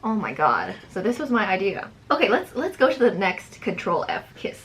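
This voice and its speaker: A woman's voice: mid-range voice, wildly swooping pitch, moderate pace, a bit bright, slight background noise. A young woman casually reading her teenage writing aloud and mocking it with giggles and commentary. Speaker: youtuber.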